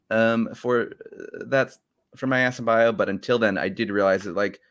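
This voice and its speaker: A man's voice: on the low side, steady tone, moderate pace, fairly bright tone. A man hosting a livestream in casual chat, talking loosely with lots of ums and restarts. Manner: chatty, hesitant with many fillers. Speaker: livestream host.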